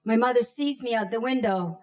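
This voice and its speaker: A woman in her thirties from Canada, telling a personal story on stage in a slow, deliberate way with dramatic pauses and acted-out shouts. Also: a little high.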